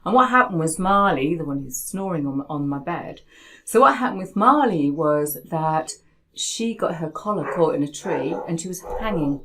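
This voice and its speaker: A woman with a slightly low voice talks casually from home, telling a story with animation and frequent restarts. She often stops to reword herself as she goes. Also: animated, normal speed, a bit bright, rough recording. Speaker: host. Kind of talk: casual conversation. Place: home in Spain.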